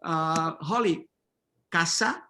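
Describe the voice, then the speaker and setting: A man's voice: a little high, bright, forceful tone, slight background noise. Patient man drilling pronunciation on a call. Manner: repeats words slowly, affirms with uh-huh. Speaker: workshop instructor. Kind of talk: online pronunciation drill with students. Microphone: video call.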